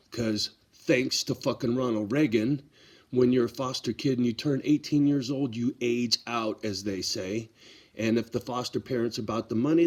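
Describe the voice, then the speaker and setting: Brief: middle-aged male vlogger, husky low voice, cussing through a heated personal story. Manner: blunt, profane, gets worked up. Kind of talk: casual storytelling monologue.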